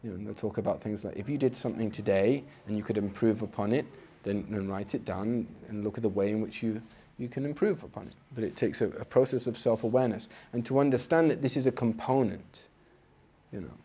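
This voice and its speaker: Low-voiced man teaching casually. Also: brisk, dark tone, husky. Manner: conversational, repeats words at the start of phrases; acts out inner voices with sudden pitch jumps. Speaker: Islamic teacher. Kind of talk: informal spiritual lecture.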